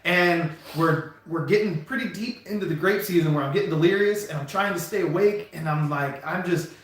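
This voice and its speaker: A man's voice: on the high side, fairly quick. Man telling a story in a very echoey room. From California. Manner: rambling, animated anecdote with many restarts and chuckles. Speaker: truck driver and live stream host. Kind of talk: casual storytelling on a live stream.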